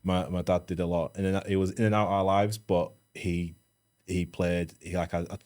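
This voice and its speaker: A man's voice: deep voice, flat delivery, darkish tone. A man with a Yorkshire accent, a podcast guest talking reflectively with frequent restarts. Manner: halting, restarts often, thinks aloud. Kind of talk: reflective interview talk.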